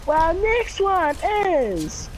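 A woman's voice: very high-pitched, sing-song, extremely slow. A woman chatting casually over gameplay, playful and teasing, often giggling.

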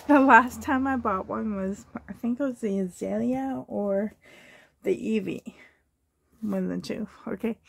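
A Canadian woman who collects reborn dolls gushes effusively through an unboxing vlog, laughing often, coughing slightly and teary. Her mid-range voice is creaky and a little mellow, with slight background noise.

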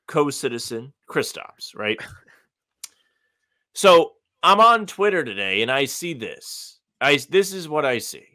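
A man's voice: fairly high pitch, bright, forceful tone. A man co-hosting a casual sports podcast, giving opinionated rants with mock outrage. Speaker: podcast co-host. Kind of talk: casual chat.

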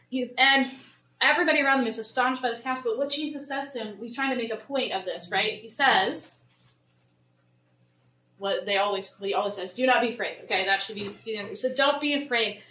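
A woman's voice: fairly high pitch, fairly quick. A woman leading a casual Bible study for a church group, chatty and acting out the people in the story. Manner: chatty, paraphrases in lively voices. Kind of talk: casual Bible teaching to a congregation. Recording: roomy church hall, mic at a distance.

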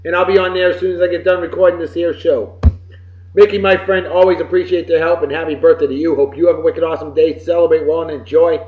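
A man from Massachusetts, hosting a show and giving folksy, boisterous birthday shout-outs. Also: on the high side, steady tone, quick pace, soft background music. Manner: boisterous and folksy, swinging loud and soft. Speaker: podcast host. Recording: roomy, slightly dull lo-fi recording.

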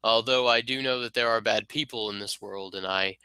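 A man's voice: lowish voice, fairly even intonation, brisk, bright, forceful tone, clear, resonant tone, no echo, low-quality recording. A man voicing a courteous, formal male town lord who speaks politely and hesitantly, with many fillers.

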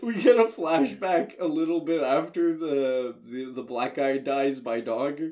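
A man's voice: medium pitch, unhurried, mellow. A man casually recapping a bad movie on a podcast, rambling, laughing often and swearing as he goes. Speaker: podcast co-host.

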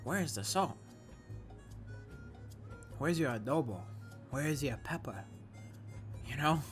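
A man's voice: on the high side, lively intonation, slow pace, soft background music. A young man reviewing food on his home vlog, casual and slangy, with big exaggerated reactions, recorded on a camera at home. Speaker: food-tasting vlogger. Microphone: camera or phone.

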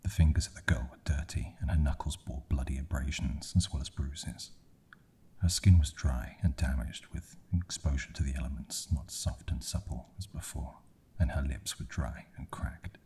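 A man whispering a bedtime horror story in a slow, hushed ASMR reading. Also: very deep voice, gravelly.

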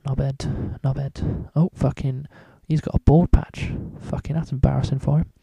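Gravelly, swearing man. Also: medium pitch, fairly even intonation, normal speed, dark tone, dry recording. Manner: rambling, swears in nearly every sentence. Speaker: drawing tutorial maker. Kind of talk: casual screen-recorded tutorial.

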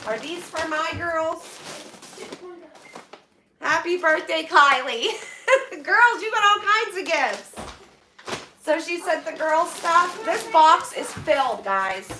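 A woman's voice: very high voice, animated, takes it slowly, long pauses, background noise. A woman vlogger opening donated boxes, chatting to her viewers and thanking them with effusive, emotional gratitude. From Pennsylvania, US. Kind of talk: casual chat to viewers. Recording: echoey room, mic at a distance.

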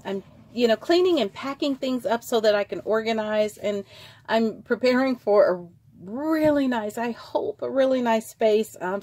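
A middle-aged woman in casual show-and-tell chat, rambling warmly and drifting into tangents. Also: mid-range voice, dry recording. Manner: chatty, rambling, trails off into tangents. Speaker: vlogger selling vintage craft supplies.

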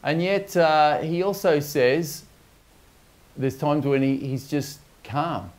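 A man's voice: a little high, slow, darkish tone. A man preaching a sermon, speaking reflectively with frequent fillers and restarts.

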